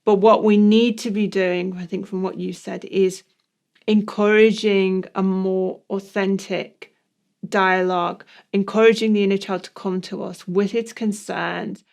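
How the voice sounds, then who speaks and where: A man co-hosting a reflective podcast discussion, explaining ideas in a measured way. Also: high-pitched, level tone, vocal fry. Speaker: podcast co-host.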